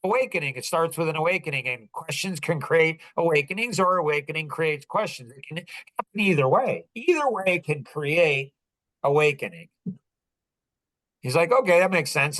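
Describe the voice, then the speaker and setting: A man hosting a business podcast, telling a story in casual talk, animated and laughing often as he acts out dialogue. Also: a little high, moderate pace, rough recording. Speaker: podcast host.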